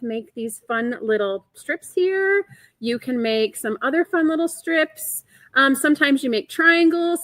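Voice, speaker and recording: A woman's voice: sits high, a bit bright, no room sound. A woman hosting a chatty, upbeat live stream, explaining a quilt program and answering viewer comments. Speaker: quilt shop host. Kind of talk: live-stream product talk.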